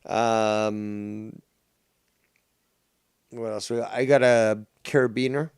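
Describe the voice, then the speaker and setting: A man's voice: fairly low pitch, fairly even intonation, slow pace, clear, resonant tone, dry recording, studio quality. A man with a Canadian accent, a podcast guest rambling through casual chat with plenty of ums, restarts and the odd swear.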